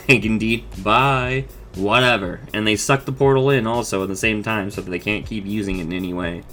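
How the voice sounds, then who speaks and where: A man's voice: on the low side, fairly even intonation, a bit bright, slight background noise. A man casually recapping a cartoon episode, rambling and swearing as he tells it. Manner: rambling, profane, quick retelling with acted quotes. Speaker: show recap vlogger.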